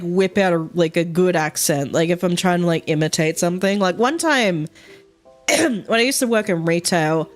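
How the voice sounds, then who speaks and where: A young woman chatting casually on a livestream, rambling with lots of fillers, frequent laughter and casual swearing. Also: on the low side. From Australia. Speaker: streamer.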